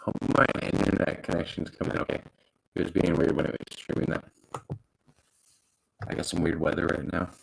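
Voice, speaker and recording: A young man talks on his live stream in a loose, rambling, self-conscious way. His voice sits very low, with a heavy gravelly fry. The talk is casual and unscripted. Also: steady tone, fairly quick, long pauses, low-quality recording.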